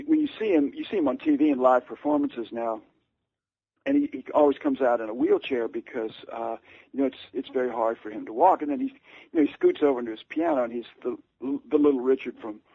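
Man, gravelly voice, hesitant storyteller, lots of fillers and restarts, dry muffled radio sound. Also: medium pitch, dry recording. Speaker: author and writing teacher, interview guest. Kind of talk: reflective storytelling in an interview.

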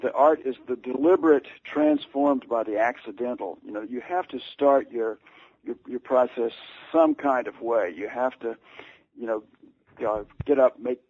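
A man's voice: mid-range voice, no echo, narrow, tinny audio. A male author and writing teacher, interviewed and telling a story at length, hesitant, with many fillers and restarts.

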